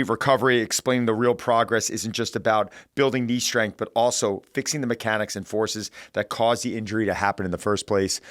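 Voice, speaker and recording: Forties guy hosting a podcast, chatty and upbeat, lowish voice, dry close mic. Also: a bit bright, no echo. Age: 40s. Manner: upbeat, chatty, loose with fillers and restarts. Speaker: podcast host. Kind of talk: casual podcast intro and conversation.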